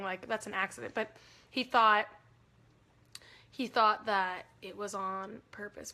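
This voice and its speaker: A woman's voice: fairly high pitch, pushed and bright. A young woman hosting a casual livestream, chatty and giggly, rambling through stories. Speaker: livestream host.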